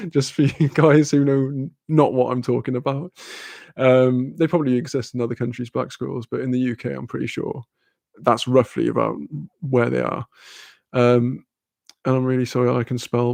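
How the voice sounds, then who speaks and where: A man's voice: medium pitch, creaky, a little mellow, no room sound. A young man from Newcastle with a Newcastle accent chatting casually on a livestream, rambling, laughing often and swearing freely as he answers chat. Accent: Newcastle English. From Newcastle, England. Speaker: streamer reading chat.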